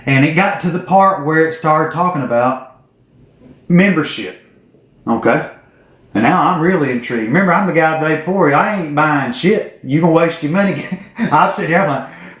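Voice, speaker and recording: A man's voice: fairly high pitch, normal speed, a bit bright. A man, telling a folksy, profane story to camera. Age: 40s. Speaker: vlogger telling his business story. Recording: echoey room.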